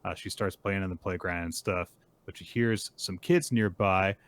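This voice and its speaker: A man co-hosting a casual manga recap, retelling chapters in an animated way. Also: low-pitched. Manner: animated retelling with quick voiced asides. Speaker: podcast co-host.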